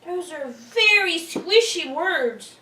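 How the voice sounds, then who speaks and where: Very high-voiced, naive, rambling woman. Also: expressive, takes it slowly, bright, forceful tone, slight background noise. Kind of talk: comedy sketch dialogue. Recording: roomy and distant from the mic.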